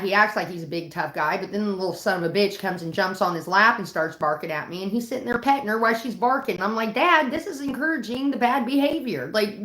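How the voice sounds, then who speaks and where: A woman's voice: a little high, a bit bright. A woman on a livestream telling a long, exasperated, profanity-laced story in casual chat. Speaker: livestream host. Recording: roomy echo.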